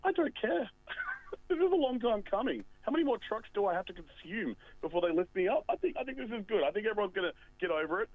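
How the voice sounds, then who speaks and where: A man's voice: high voice, sing-song, fast, no room sound. A man playing a lonely talking bridge, melodramatic. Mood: excited. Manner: melodramatic, rambling, near tears. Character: lonely, self-pitying talking road bridge. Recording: tinny phone line.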